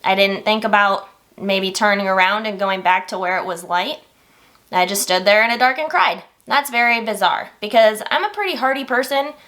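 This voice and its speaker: A woman vlogger telling stories to the camera in a casual, animated, expressive way. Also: medium pitch, moderate pace.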